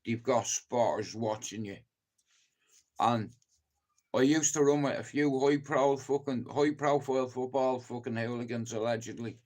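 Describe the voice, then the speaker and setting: A middle-aged Irish man hosts a livestream, spinning rambling stories in casual chat and swearing a lot. His mid-range voice is darkish in tone and a little slow.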